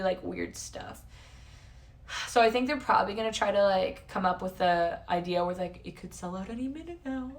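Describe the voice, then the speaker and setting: A woman's voice: medium pitch, far from the mic. A young woman livestreamer chatting casually to her viewers, cursing a lot and saying "like" constantly, her voice wearing thin. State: losing her voice. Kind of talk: casual chat to stream chat.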